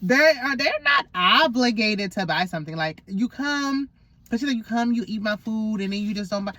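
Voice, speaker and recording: A woman's voice: medium pitch, animated, normal speed, sharp tone, no echo. A woman hosting a casual, opinionated reality TV recap, sassy and gossipy with lots of slang.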